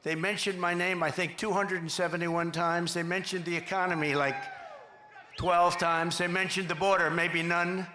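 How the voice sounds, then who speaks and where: At a large rally venue, a male candidate speaks in a high voice with little pitch movement, keeping a moderate pace. His speech brags, rambles and repeats itself, slips in asides quoting others, and sometimes becomes shouting over the cheers. The echoey room carries faint background noise.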